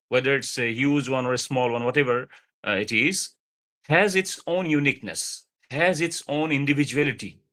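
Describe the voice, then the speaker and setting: A man lecturing over a video call, explaining slowly with many fillers and repeated points. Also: mid-range voice, bright, forceful tone.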